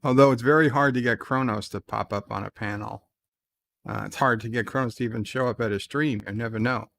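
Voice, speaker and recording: A man's voice: fairly even intonation, brisk, gravelly, fairly bright tone. Casual male stream host, slight New York accent. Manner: reads chat messages in a raised, livelier voice, then answers in a dry, low aside. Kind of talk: casual live stream chat, reading viewer comments aloud.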